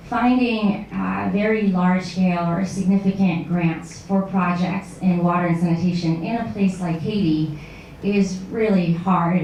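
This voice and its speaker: A woman's voice: on the low side, a little mellow. A woman who works at a nonprofit, answering interview questions thoughtfully with frequent fillers. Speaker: nonprofit staff member. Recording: echoey room from a distant mic with faint noise.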